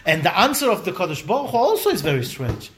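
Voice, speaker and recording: A man teaching a weekly scripture class to a small group. His voice sits high and swings widely as he acts out quoted dialogue with rising emphasis, and he talks in a conversational way, answering students as they chime in. Faint noise sits under the recording. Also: sing-song, fast. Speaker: Torah teacher.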